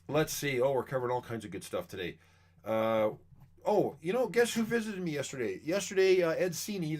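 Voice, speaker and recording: A middle-aged man from Canada, a chiropractor and massage chair dealer, rambling chattily in a casual monologue full of fillers. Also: mid-range voice.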